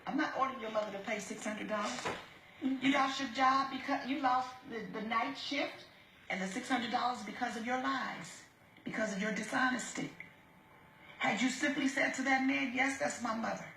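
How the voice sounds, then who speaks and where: A woman's voice: fairly high pitch, normal speed, pushed and bright, slight background noise. A woman presiding as a TV judge, lecturing in a stern, blunt and scolding way. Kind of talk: courtroom lecturing. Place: TV courtroom studio. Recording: roomy courtroom sound.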